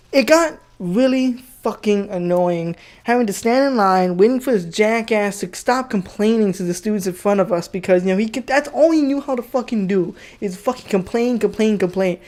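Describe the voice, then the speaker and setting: A man's voice: high-pitched, normal speed, hardly any pauses, a little mellow. A young man rants through a storytime, swearing constantly and piling on fillers and restarts. His delivery is heated and crude, circling back to repeat his complaints. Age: young adult. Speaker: channel host telling a personal story. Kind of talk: profane storytime rant.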